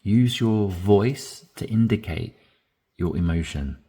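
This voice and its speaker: Slow, husky-voiced male English teacher. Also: lowish voice, animated, darkish tone. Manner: slow, deliberate modeling of phrases with stressed inflection. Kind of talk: language lesson, reading dialogue aloud.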